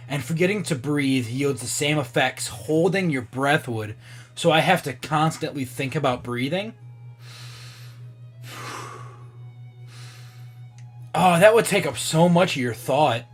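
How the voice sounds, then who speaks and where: Husky, lively young man vlogging. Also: a little high. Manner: animated, swears freely, thinks aloud. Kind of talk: casual reaction commentary.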